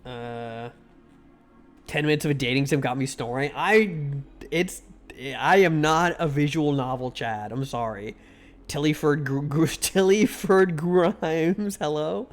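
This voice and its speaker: A man's voice: on the high side, animated, unhurried. A man streaming a game, chatting casually and irreverently with his chat. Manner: irreverent, joking, stops to thank chat. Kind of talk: casual live-stream commentary while reading a game aloud. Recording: faint music behind the voice.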